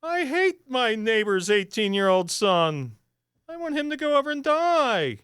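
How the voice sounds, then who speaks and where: A shrill, bloodthirsty letter-writer, shrieking high and sneering, as a radio man puts him on in mockery. The voice leaps up high and swings wildly, heard over a clear, dry studio mic. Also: sing-song, unhurried, a bit bright, dry recording, full character voice. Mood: mocking. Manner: squeaky, sneering parody voice.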